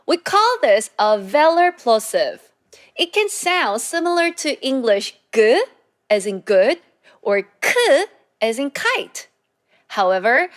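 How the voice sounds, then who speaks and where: A woman teaching a Korean language lesson, speaking clearly and slowly with repeated pronunciation drills. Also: fairly high pitch.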